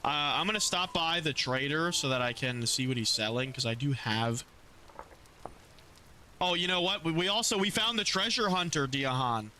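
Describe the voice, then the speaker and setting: A man's voice: on the high side, moderate pace. A man streaming a game, chatting loosely with viewers, swearing casually and greeting them by name. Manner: soothing coos when calming his pet rats. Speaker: gaming streamer. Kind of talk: casual live-stream chat.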